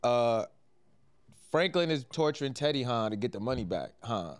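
Male podcast host, animated storyteller, mid-range voice, constant "huh?" tags. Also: medium pitch, normal speed, smooth. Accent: Jamaican-tinged put-on. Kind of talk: casual podcast chat.

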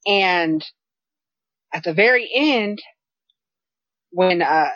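A woman cohosting a casual chat, telling a story with animated, profane exasperation. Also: on the low side, drawn-out words, no echo. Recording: dry, slightly dull lo-fi sound.

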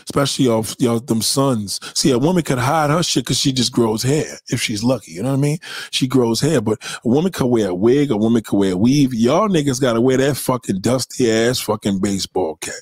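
A man hosting a livestream, reading chat and ranting in a blunt, mocking, animated way. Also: mid-range voice, fairly quick, breathy edge, no echo. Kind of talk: casual profane rant.

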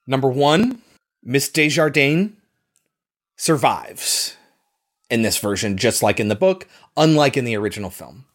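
A man's voice: medium pitch, animated, unhurried. Man chatting casually about movies. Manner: enthusiastic, profane, acts out quotes. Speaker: podcast co-host. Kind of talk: casual film discussion.

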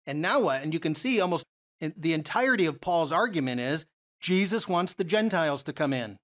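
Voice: medium pitch, lively intonation, a little fast. Conversational preacher full of rhetorical questions. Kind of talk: sermon, Bible teaching.

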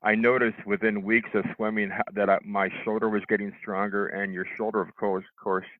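A middle-aged man telling how he recovered from a stroke, halting, with lots of restarts and fillers. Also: lowish voice, flat delivery, dry recording. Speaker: stroke survivor interviewee. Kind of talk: telling his own recovery story. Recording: tinny phone line, dry.

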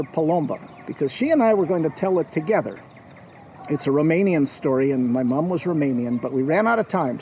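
A man's voice: fairly high pitch, dark tone, a little hiss or hum, rough recording. A man telling a folk tale at a storytelling festival, playful, with chatty asides to the audience.

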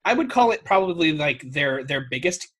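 A man's voice: a little high, very animated, fairly quick, fairly bright tone. A man co-hosting a casual chat show, telling a story in a wry way, swearing freely and laughing at himself. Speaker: podcast co-host.

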